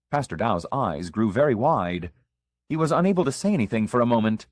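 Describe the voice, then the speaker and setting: A man narrating an audiobook of short stories in an expressive storytelling manner. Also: mid-range voice, fairly quick, dry recording, studio quality.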